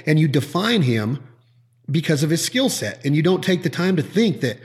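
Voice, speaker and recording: A man's voice: on the high side, normal speed. A man hosting a podcast, talking casually and acting out quoted people as he tells stories. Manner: animated storyteller who acts out quoted voices. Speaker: podcast host. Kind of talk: casual chat.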